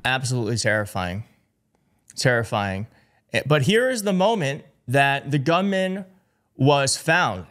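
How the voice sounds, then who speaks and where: A man's voice: medium pitch, big pitch swings, measured pace, fairly bright tone. A man giving online political commentary, indignant and emphatic, reading out reports and quotes.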